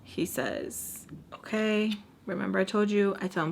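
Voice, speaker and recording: A woman's voice: medium pitch, measured pace, creaky, slight background noise. A young woman in her twenties casually telling a personal story, acting out her own lines and repeating phrases for emphasis. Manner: dramatic, acts out her own past lines in quotes. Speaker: storytime vlogger.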